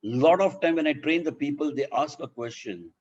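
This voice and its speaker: Husky Indian man coaching public speaking. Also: on the high side, normal speed, a little mellow, muffled recording. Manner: demonstrative, illustrates points by voicing example sentences. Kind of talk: instructional talk.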